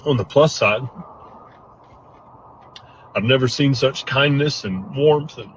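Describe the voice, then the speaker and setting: A man's voice: medium pitch, slow, a little hiss or hum, poor audio. A man giving an earnest, choked-up update after a storm, speaking bluntly. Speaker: hurricane survivor giving an update. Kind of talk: emotional first-person update.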